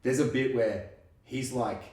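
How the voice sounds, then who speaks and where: A man co-hosting a podcast, chatting casually and acting out scenes with quick impressions. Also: medium pitch, far from the mic. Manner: animated, acts out scenes in quick impressions, swears. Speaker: podcast co-host. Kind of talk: casual chat. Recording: echoey room, off-mic.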